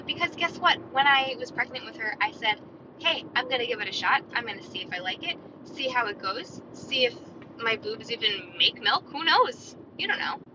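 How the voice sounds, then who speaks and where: A woman in her thirties with a fairly high voice hosts a solo podcast while parked outdoors near a store parking lot. Her chatty, opinionated ramble is packed with "like" and "right?", and the dull lo-fi audio carries clear traffic noise.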